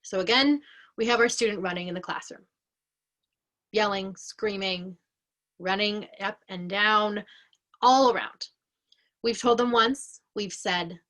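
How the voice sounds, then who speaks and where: Slow, deliberate woman educator. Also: medium pitch, fairly bright tone. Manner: slow, deliberate, clearly paced explanation. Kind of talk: explanatory lesson.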